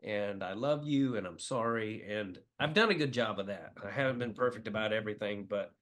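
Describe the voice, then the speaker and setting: A man's voice: on the low side, brisk, a bit bright. A middle-aged man from the Midwest, a comedian talking as a podcast guest, telling emotional stories with many fillers. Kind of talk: casual interview chat.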